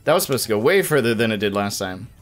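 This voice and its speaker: A young man giving casual, jokey live-stream commentary while playing a video game, with quick bursts of frustration. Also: lowish voice, lively intonation, soft background music.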